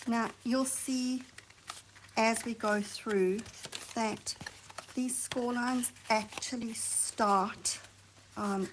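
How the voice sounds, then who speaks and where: A woman hosting a craft tutorial, chatting and thinking aloud as she works, sometimes dropping to a soft near-whisper while she concentrates. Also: a little high, fairly even intonation, extremely slow, pauses often, noisy background. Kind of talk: chatty hands-on craft demonstration.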